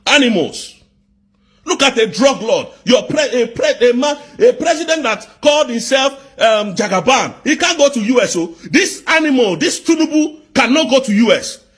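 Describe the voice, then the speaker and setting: A man with a very high, husky voice. He rants angrily about politics, firing off repeated rhetorical questions and breaking into shouts. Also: expressive, normal speed. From southeast Nigeria. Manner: fiery, repetitive rhetorical questions, bursts of shouting. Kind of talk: angry political rant.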